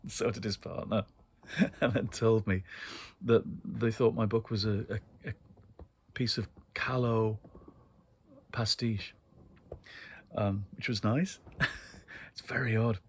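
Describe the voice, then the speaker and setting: A man's voice: on the low side, fairly even intonation, slow, long pauses, a little hiss or hum. A man from northeast England, hosting a show and telling wry, chatty stories about book events. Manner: chatty, wry, frequent laughs and ums. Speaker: host. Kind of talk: casual anecdotal monologue.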